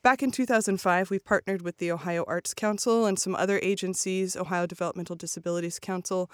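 A woman's voice: on the low side, fairly even intonation, fast, no room sound, studio quality. A woman who directs an arts nonprofit, answering as a radio interview guest with frequent ums and restarts. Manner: hesitant, many ums and restarts. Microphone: studio microphone.

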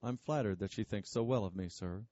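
A man reading as an earnest young farmer, polite and determined. His low voice sounds warm and mellow. The recording is dry with no room sound. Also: a little fast, no room sound, dull audio, lightly acted.

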